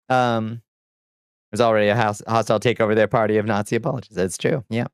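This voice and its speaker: A man's voice: on the low side, steady tone, quick pace, clean tone, dry recording. A man chatting on a casual livestream, reading chat aloud and answering in a chatty, sardonic way, on a close desk mic. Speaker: streamer.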